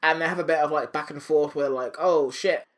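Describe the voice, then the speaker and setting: A man's voice: on the high side, steady tone, fast talker, a bit bright. A man hosting a podcast, casually recapping a cartoon episode with silly voices and swearing. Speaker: podcast host.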